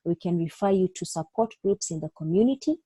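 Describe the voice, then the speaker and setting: Mellow-voiced woman tutoring doctors. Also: lowish voice, lively intonation, fairly quick, breathy edge, dry recording. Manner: instructive, checks in with frequent "okay?"; acts out doctor and patient lines in her own voice. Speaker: medical exam tutor. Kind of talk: online exam-prep lecture.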